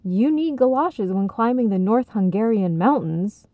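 A woman voicing a kindly father who tells a grand tale in a storybook reading, in a gentle, theatrical manner. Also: medium pitch, animated, measured pace, no echo, close to an everyday voice. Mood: storytelling. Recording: tinny phone-like sound, dry.

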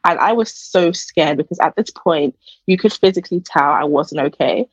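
Husky young woman, chatty. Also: fairly low pitch, moderate pace, dry recording, highs cut off. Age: young adult. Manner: earnest, chatty, many fillers. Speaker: podcast guest. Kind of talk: casual personal testimony.

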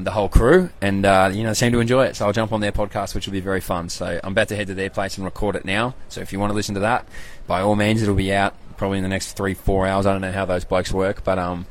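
A man's voice: low voice, fairly bright tone. A young Australian man hosting a casual solo podcast recap, loose and rambling, full of slang and swearing. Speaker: podcast host.

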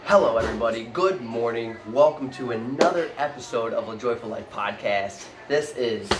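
A man's voice: mid-range voice, animated, moderate pace. A man hosting a casual podcast in a coffee shop, upbeat and rambling with lots of fillers. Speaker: podcast host. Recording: echoey coffee shop with loud background noise. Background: coffee shop chatter.

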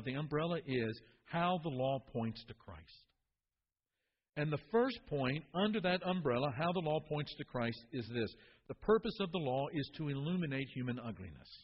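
A man's voice: fairly high pitch, big-room sound, dull audio, a little hiss or hum. A man preaching a sermon, earnest, often repeating words as he builds to a point.

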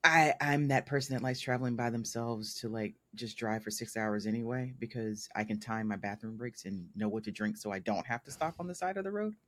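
A man's voice: medium pitch, a little fast, few pauses. A man in his thirties from Mississippi, a guest telling stories in casual conversation and laughing often.

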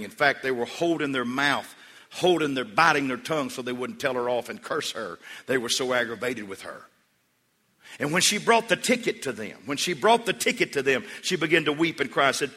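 A man preaching a sermon as pastor, moving between hushed storytelling and loud, emphatic calls to the congregation. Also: medium pitch, lively intonation, brisk, slightly rough. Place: church sanctuary. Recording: long hall reverb.

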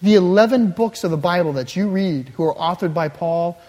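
Preacher, emphatic sermon, mid-pitched voice, long echo of a big hall. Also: moderate pace, darkish tone. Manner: emphatic, builds with repeated phrases.

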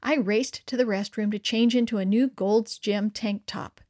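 A woman narrating a first-person children's story with an expressive, wry delivery. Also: mid-range voice, moderate pace.

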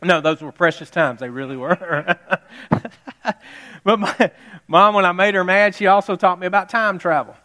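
A man's voice: high-pitched, fairly even intonation, normal speed, sharp tone. A man in his fifties preaching a jokey Mother's Day sermon, telling family stories and laughing at them. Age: 50s.

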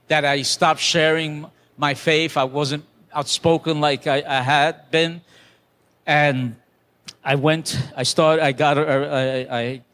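An older pastor preaches a sermon as a conversational testimony, full of restarts and acted-out quotes. His voice is on the high side and a bit bright.

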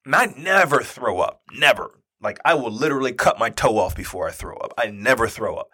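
A man in his thirties speaks briskly in a mid-range voice with a breathy edge. His casual personal anecdote is animated, with the dialogue acted out.

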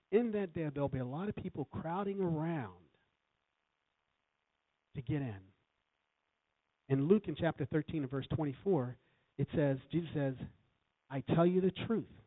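A man delivers a sermon, weaving scripture quotations and an anecdote with emphatic rises. His voice sits a bit high. The sound is dry and narrow, like it comes through a phone. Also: breathy edge, dry recording. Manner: storytelling, quoting scripture with emphatic swells. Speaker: preacher. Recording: tinny phone-like recording.

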